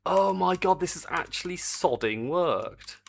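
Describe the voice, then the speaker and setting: A man's voice: high-pitched, animated, a little slow, gravelly, slight background noise. Chatty older man streaming. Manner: chatty, reads chat aloud, mild swearing. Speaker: game developer streaming live. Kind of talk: casual live-stream chat.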